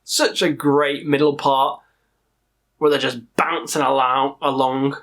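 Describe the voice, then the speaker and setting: A hoarse, swearing metal fan. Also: male voice, medium pitch, little pitch movement, takes it slowly, a bit bright. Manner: profane, enthusiastic, rambling. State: tired, strained throat. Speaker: metal music reviewer. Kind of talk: casual ranking vlog.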